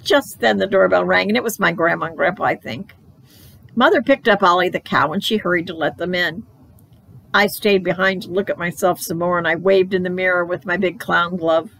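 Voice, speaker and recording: A woman reading a children's book aloud for library storytime, in a playful, animated storytelling manner. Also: on the low side, fairly quick, creaky, slight background noise, rough recording.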